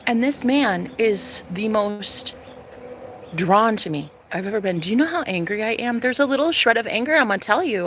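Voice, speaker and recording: A woman in her thirties, a vlogger, ranting casually to her viewers, animated and profane, jumping from loud outbursts to whispers. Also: on the high side, a little hiss or hum. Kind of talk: casual rant to camera.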